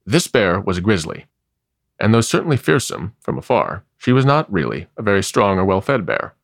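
A man narrating a storybook in a low, gravelly voice with lively, sweeping intonation. His reading is measured and wry. The recording is dry and close, with no room echo.

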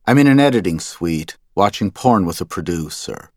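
A man's voice: sits low, lively intonation, normal speed, no echo, clean studio sound. A man narrating a first-person story in a scripted, wry and dryly humorous way.

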